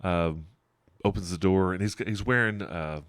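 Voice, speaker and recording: A man's voice: low-pitched, moderate pace, fairly bright tone, no room sound. A middle-aged man narrating a tabletop game as game master, describing scenes in a rambling, digressive way and chuckling often.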